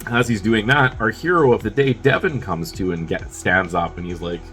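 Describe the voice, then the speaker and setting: A man's voice: fairly low pitch, normal speed, bright, forceful tone, soft background music. A man who is sick with a cough, casually reviewing a movie in a rambling, chatty way with wry asides.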